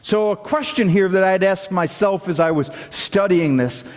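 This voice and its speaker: A man preaching a sermon as pastor, animated and acting out the voices of the people he quotes. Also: sits high, moderate pace. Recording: long hall reverb.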